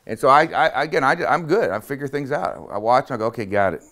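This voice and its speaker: A man's voice: medium pitch, lively intonation, fast, sharp tone. A middle-aged man telling a self-deprecating, humorous story from his childhood as a motivational talk.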